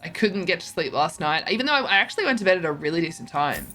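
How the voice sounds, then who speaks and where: A tired woman chats to her stream while she plays a card game, joking at her own expense and tripping over her words. Her voice sits a little low but swings up and down a lot. Soft music plays behind her. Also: big pitch swings, fast. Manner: chatty, self-mocking, yawning, trips over words. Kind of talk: casual live-stream chat while gaming.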